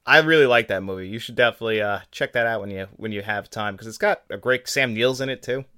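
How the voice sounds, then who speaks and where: A man co-hosting a casual movie podcast, chatty and quick to laugh. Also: on the low side, sharp tone, clean tone. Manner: chatty, laughs often, trails off. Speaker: podcast co-host. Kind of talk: casual film review chat.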